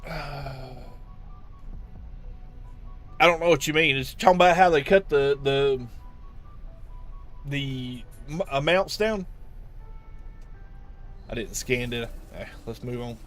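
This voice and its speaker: A man's voice: medium pitch, measured pace, long pauses, a bit bright, soft background music. A man live streaming a video game, chatting casually and answering his viewers' chat with lots of restarts.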